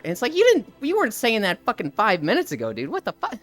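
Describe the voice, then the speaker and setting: In a mid-range voice, a young woman streamer talks fairly quickly with hardly any pauses as faint music plays behind her. It's a casual live-stream chat where she rants animatedly about a game's story, swearing freely.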